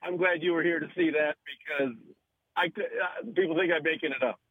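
A man's voice: on the high side, fairly quick, narrow, tinny audio, a crowd in the background. A man who is a radio show guest, chatting casually and telling a story with acted-out voices and frequent laughs. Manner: animated storyteller, acts out voices, laughs often. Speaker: radio show guest, comedian and podcast host. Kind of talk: casual chat.

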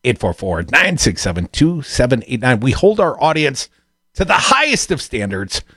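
A man hosting a call-in radio talk show, animated and self-deprecating, talking off the cuff. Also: medium pitch, moderate pace, breathy edge, no room sound, clean studio sound.

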